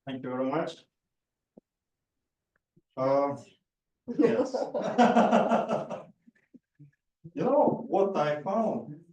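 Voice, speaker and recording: A man's voice: a little high, big pitch swings, extremely slow, pauses often, a little mellow. A man reporting filler-word counts at a public speaking club, hesitant and full of fillers. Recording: echoey room, distant mic.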